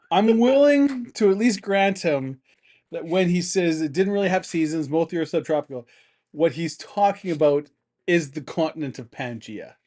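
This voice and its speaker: A man with a fairly high voice co-hosts a relaxed chat. He laughs often and mockingly paraphrases a radio guest's claims. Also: moderate pace. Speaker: co-host. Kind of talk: casual chat.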